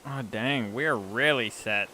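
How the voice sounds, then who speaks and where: A man's voice: medium pitch, slow pace, bright, forceful tone, a little hiss or hum. A man chatting casually while streaming a game, rambling and self-deprecating, with frequent chuckles. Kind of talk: casual gaming chat.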